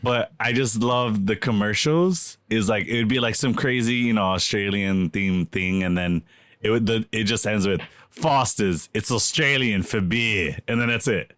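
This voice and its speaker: A man's voice: on the low side, normal speed, a bit bright, no echo, clean studio sound. An American man guesting on a podcast, joking and laughing in a casual chat. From United States. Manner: playful, laughs often.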